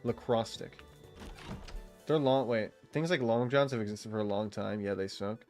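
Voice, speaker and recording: A man's voice: fairly low pitch, steady tone, moderate pace, a little mellow, faint music behind. A man live-streaming a game, chatting casually with viewers in a rambling, self-interrupting way, laughing often and swearing freely. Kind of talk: casual chat with viewers while gaming.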